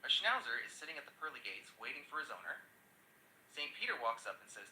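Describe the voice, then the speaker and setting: A male synthetic voice tells jokes in an upbeat, chatty way, with pitch that moves a lot. The tone is bright, and an echoey room can be heard around it. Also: very animated, brisk, a little hiss or hum. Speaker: AI joke teller. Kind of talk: scripted joke narration.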